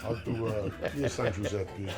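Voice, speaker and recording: A man's voice: fairly low pitch, fairly even intonation, fast talker. A middle-aged man with a New York accent hosting a casual chat in a cigar lounge, easygoing and a little profane. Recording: music playing in the room.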